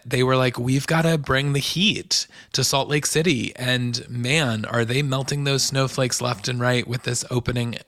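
A man's voice: mid-range voice, vocal fry, a bit bright, dry recording, studio quality. A man hosting a podcast, giving a chatty, enthusiastic recap of a reality show in a casual solo commentary. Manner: chatty and enthusiastic, gushing asides.

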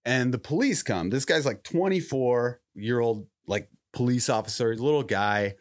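Speaking at normal speed, a young adult male podcast host recounts a story casually, performing the quoted lines with a climbing pitch and laughter. The sound is dry and studio-clean.

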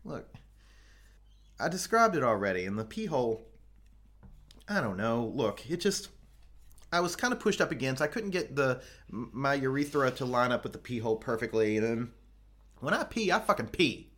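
A man rambles through a crude story in casual podcast chat, joking as he goes. His pitch swings widely, rising and falling with the telling. He sits in the middle of the male range. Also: very animated, moderate pace, pauses often, a bit bright. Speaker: podcast co-host.

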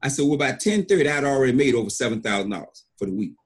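A man's voice: medium pitch, animated, racing, breathy edge. A middle-aged man, a network marketing leader, giving an emphatic motivational talk and acting out stories with repeated phrases. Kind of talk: motivational storytelling.

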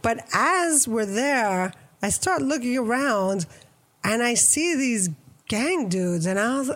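A woman's voice: a little high, takes it slowly. A middle-aged woman from New York, a photographer telling stories in a casual interview and acting out the voices in them. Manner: animated, acts out quoted dialogue. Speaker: photographer guest.

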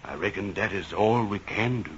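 An actor playing a devout, slow-spoken servant in an old radio drama. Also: male voice, lowish voice, dull audio, a little hiss or hum, natural voice. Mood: resigned. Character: devout servant man Hero.

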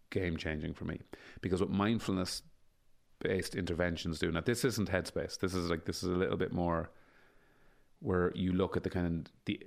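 A man's voice: sits low, gravelly. A man in his forties, talking emphatically as an interview guest, repeating himself and swearing freely. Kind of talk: casual conversational interview.

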